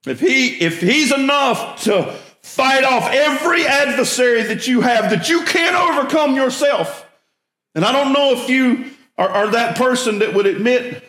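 Pastor, male, high voice, deliberate emphatic sermon delivery, echoey room. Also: fairly bright tone. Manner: emphatic, rises in pitch when stressing a point.

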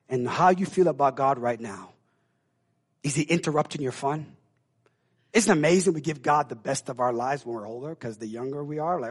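A man preaching a sermon with impassioned delivery, swinging between loud calls and hushed, intense passages and acting out God's voice. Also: mid-range voice, a little fast, slightly rough.

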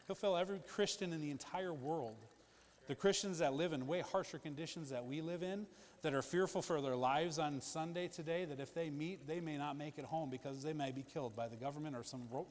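A man preaching a sermon in a conversational, emphatic way, with quick asides to the congregation. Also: fairly high pitch. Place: church sanctuary. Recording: long church-hall reverb.

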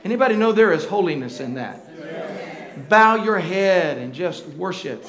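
A male pastor with a high voice delivers a sermon in a church sanctuary, the sound ringing around a roomy hall. He prods the congregation for call-and-response, sometimes drawing words out at full volume, then dropping to a near-hushed tone. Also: lively intonation. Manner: swings between slow shouted emphasis and soft, breathy asides.

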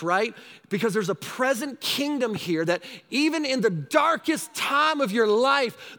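Lively high-voiced male preacher. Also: big-room sound. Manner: animated preaching, rising to shouts. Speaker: pastor. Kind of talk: sermon.

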